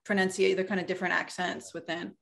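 A woman's voice: lowish voice, flat delivery, quick pace, creaky, fairly bright tone. A young woman hosting an interview, chatty and casual, with lots of "like" and "you know" in her speech. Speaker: host, interviewer. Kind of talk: interview conversation.

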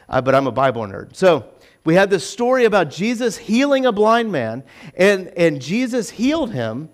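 A pastor giving a casual, conversational sermon in a church, chatty and animated, acting out the voices of the people in his stories. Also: high-pitched. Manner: chatty and animated, acts out quoted voices, self-deprecating asides.

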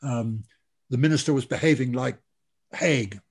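A man's voice: mid-range voice, a little slow, breathy edge. An older man from Britain, a military historian answering a question in a live online talk, outspoken and blunt, with frequent ums and restarts.

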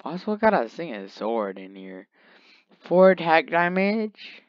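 A man's voice: on the high side, very animated, measured pace, dry recording. Guy rambling over his game, jokes at his pet, lo-fi muffled mic, dead dry room. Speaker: gamer. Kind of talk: casual gameplay commentary. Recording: dull lo-fi mic.

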